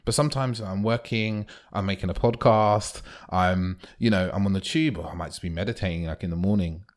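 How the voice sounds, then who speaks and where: A podcast co-host with a low voice talks briskly and casually. He gets animated, acting out the lines he quotes.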